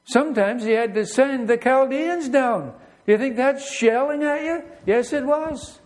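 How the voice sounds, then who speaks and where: A man's voice: very high voice, unhurried. A middle-aged man, preaching a sermon in a conversational, storytelling way full of rhetorical questions. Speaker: pastor.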